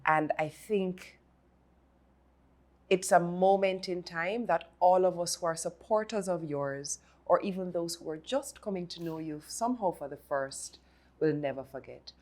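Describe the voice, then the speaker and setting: A woman's voice: lowish voice, a little slow, darkish tone. A woman hosting an interview, effusive and admiring of her guest. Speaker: host.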